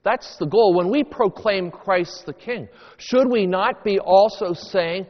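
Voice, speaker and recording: A man preaching a homily as a priest, with slow, deliberate phrasing that rises and falls dramatically. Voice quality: sweeping highs and lows, slow deliberate delivery. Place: church. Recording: long church reverb, dull lo-fi sound.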